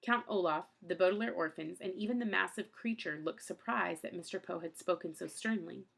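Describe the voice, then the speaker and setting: Gravelly woman reading a storybook. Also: lowish voice, brisk, few pauses. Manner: plain storytelling with small slips. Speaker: audiobook reader. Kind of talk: reading a children's novel aloud.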